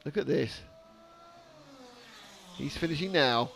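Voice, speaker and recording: A man's voice: medium pitch, lively intonation, moderate pace, slight background noise. A man giving live trackside race commentary with dry, sarcastic humor.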